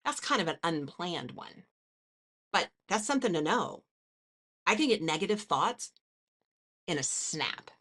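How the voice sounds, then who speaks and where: A woman's voice: fairly low pitch, big pitch swings, unhurried, pauses often, a bit bright. A woman podcast host and counselor giving an earnest, motivational self-help talk and speaking directly to the listener.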